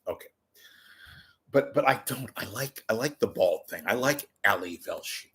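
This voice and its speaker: A man with a lowish, fairly bright voice and lively intonation talks into the camera at a moderate pace from a room at home, a TV monitor behind him. He's a commentary vlogger whose rambling, jokey delivery drifts between asides, full of swearing and sudden silly voices.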